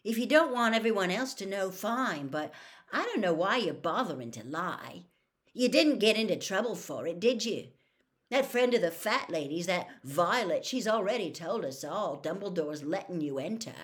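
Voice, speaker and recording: A woman's voice: mid-range voice, very animated, moderate pace, lightly acted. A woman voicing a resentful, sarcastic teenage boy in a storybook reading, with a bitter edge.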